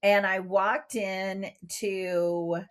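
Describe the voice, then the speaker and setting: Lively storytelling woman in her 50s. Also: medium pitch, extremely slow, clean tone. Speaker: interview guest. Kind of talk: animated storytelling.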